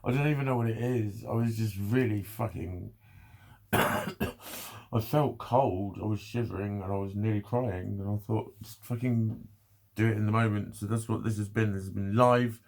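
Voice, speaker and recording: Weary man with a gravelly voice. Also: fairly low pitch, steady tone, unhurried. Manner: rambling, swearing, self-deprecating, frequent nervous laughs. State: exhausted. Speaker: vlogger. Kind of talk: emotional personal vlog.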